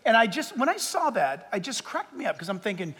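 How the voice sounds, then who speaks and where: Male pastor, quite high and forceful, preaching with humor in a reverberant sanctuary. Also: brisk, slightly rough. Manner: lively, joking preacher who lists numbered points. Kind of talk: sermon. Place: church sanctuary with a live audience.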